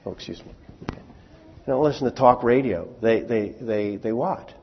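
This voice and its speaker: Halting preacher in his sixties. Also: medium pitch, husky. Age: 60s. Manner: halting, repeats words, folksy asides. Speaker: pastor. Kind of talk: sermon. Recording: dull sound with long hall reverb.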